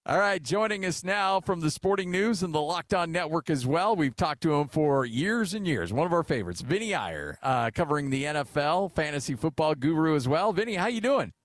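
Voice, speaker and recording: A man's voice: fairly high pitch, expressive, a little fast, few pauses, dry recording. A man in his forties hosting sports talk radio, telling stories in a chatty way with many fillers. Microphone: studio microphone.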